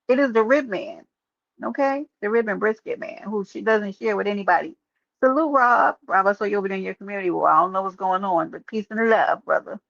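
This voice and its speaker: A woman live streamer, sharing her opinion in casual, animated talk and calling out viewers in chat by name. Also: a little high, dry recording, highs cut off.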